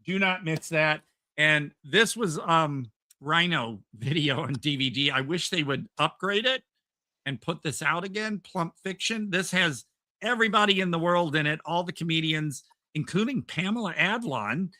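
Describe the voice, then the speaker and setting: A man's voice: a little high, moderate pace, bright, forceful tone, dry recording. A man hosting a casual podcast chat, talking in an enthusiastic, rambling way with lots of "um"s and restarts. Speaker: podcast host.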